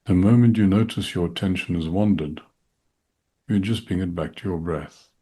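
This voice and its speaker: Very deep-voiced man guiding a meditation. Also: husky. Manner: slow, soft-spoken, calm guiding voice. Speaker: shaikh leading guided meditation. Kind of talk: guided meditation and dhikr instruction.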